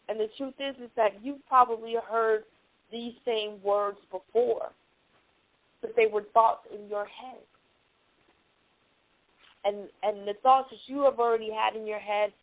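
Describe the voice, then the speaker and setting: A young adult woman hosting a motivational teleconference, earnest and emphatic, often repeating her key lines. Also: mid-range voice. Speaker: teleconference host, life coach. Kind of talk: motivational talk on a conference call. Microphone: phone. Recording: tinny phone line.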